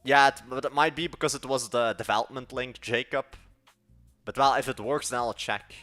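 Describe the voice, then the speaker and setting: Bright-voiced Belgian teen streamer. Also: male voice, mid-range voice, steady tone, normal speed, faint music behind. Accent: Belgian Dutch. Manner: rambling, slangy, talks to chat and mutters while working. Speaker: live-streaming app developer. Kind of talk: casual live stream chat.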